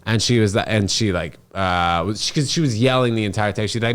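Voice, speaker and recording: A man's voice: fairly low pitch, racing, smooth. A young man hosting a podcast, telling stories in a rambling, casual way with lots of fillers and acted-out quotes. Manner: rambling, filler-heavy storytelling with voiced-up quotes. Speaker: podcast host.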